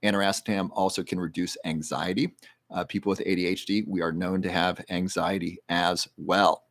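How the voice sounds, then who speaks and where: A man's voice: deep voice, little pitch movement, normal speed, a bit bright. A man hosting a casual livestream Q&A, reading viewer questions aloud and explaining health research in a rambling, conversational way.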